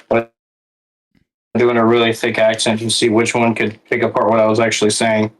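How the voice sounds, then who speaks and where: A man's voice: on the low side, completely flat delivery, moderate pace, rough recording. A man chatting casually as a podcast guest, often interrupting himself and restarting. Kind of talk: casual chat.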